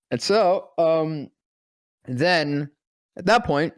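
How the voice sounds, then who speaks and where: A man's voice: on the high side, no echo, studio quality. A young man, a voice actor, telling a story in casual chat, rambling, swearing freely and laughing often. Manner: rambling, profane, quick to laugh. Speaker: podcast guest, voice actor.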